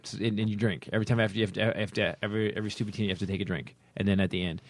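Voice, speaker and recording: A man's voice: lowish voice, very fast, no echo. A man hosting a comedy podcast, chatting and joking with his co-hosts. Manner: animated, joking. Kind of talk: casual comedic chat.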